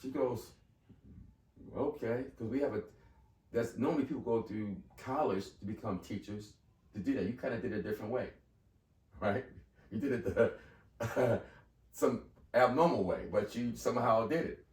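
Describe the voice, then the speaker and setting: A man in his fifties, a podcast guest, speaks at medium pitch and a moderate pace while telling a personal story in relaxed conversation. He's animated and imitates the voices of those in the story. The recording is echoey, with the mic far away.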